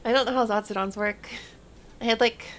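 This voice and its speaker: Woman streamer just rambling while she plays, kinda highish voice, silly and self-roasting. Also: steady tone, a little fast, a bit bright, slight background noise. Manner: rambling, playful, self-mocking. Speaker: VTuber streamer. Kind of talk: casual game stream chatter.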